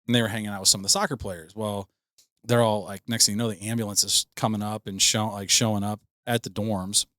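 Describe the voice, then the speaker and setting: A man's voice: lowish voice, little pitch movement, fast, a bit bright, dry recording, studio quality. A young man co-hosting a podcast, telling a profane, rambling story full of fillers into a podcast mic. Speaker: podcast co-host. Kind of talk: casual storytelling.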